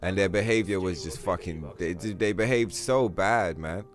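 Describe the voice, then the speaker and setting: A man's voice: low-pitched, normal speed. A young man hosting a gaming livestream, chatting casually with viewers in a profane, rambling way full of fillers. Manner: reads chat aloud and answers viewers. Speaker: livestream host. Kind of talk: casual gaming stream chat. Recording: faint music behind the voice.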